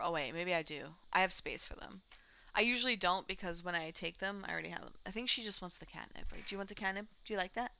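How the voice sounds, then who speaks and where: Woman streamer, chatty gaming talk, bright and smooth voice, dull lo-fi mic. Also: fairly low pitch. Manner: chatty, talks to her cat while playing. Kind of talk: casual chat while gaming.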